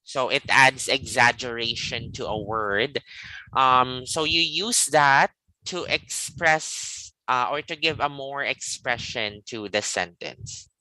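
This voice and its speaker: A man teaching English pronunciation in a live online class, patiently repeating phrases slowly for his student. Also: medium pitch, pushed and bright, no echo, poor audio.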